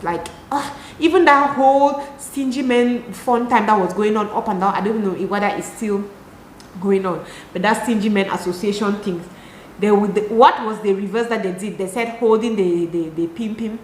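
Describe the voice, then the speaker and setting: A young Cameroonian woman with a Cameroonian accent, chatting to camera in an animated, exasperated way. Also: mid-range voice, normal speed, slight background noise. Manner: animated, talks with her hands, rhetorical and exasperated. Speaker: lifestyle vlogger. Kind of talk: casual chat to camera. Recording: echoey room.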